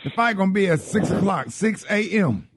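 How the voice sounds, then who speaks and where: A man's voice: sits high, expressive, normal speed, gravelly, slightly rough. Teasing man hosting a morning radio show. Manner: laid-back, teasing, restarts sentences. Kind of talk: casual radio banter.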